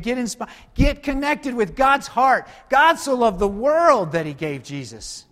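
With a high voice and a long reverb tail behind him, a pastor delivers a conversational, lively sermon. He makes quick asides and draws call-and-response from his congregation.

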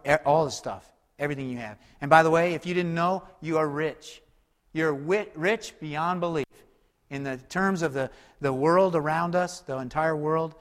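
A man preaching a sermon as pastor, conversational and lively, with quick asides and call-and-response to the congregation. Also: a little high, long reverb tail.

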